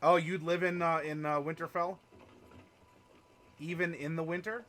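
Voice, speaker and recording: Guy from ohio running a stream workshop, rambly and chatty, bright tense voice, a bit high. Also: fairly even intonation, moderate pace. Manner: chatty, rambling, reads chat aloud and laughs often. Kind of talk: casual live-stream talk to chat.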